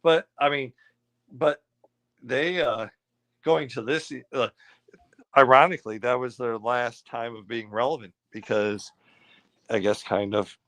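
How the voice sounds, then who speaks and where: A man's voice: mid-range voice, unhurried, long pauses, fairly bright tone, low-quality recording. A man telling a long story in casual chat, rambling with many restarts and fillers and acting out the people in it. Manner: acts out the people in his story.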